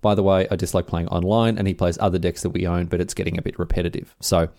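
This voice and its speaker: A young man with an Australian accent, co-hosting a casual podcast and animatedly acting out quoted lines. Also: fast talker. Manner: animated, jumps into high voices for quoted lines. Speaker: podcast co-host.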